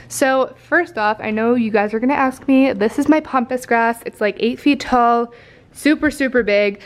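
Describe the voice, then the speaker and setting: A young woman vlogger giving a casual tour of her apartment, chatty and rambling with lots of ums and likes. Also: a little high. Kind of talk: casual home tour vlog. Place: apartment indoors.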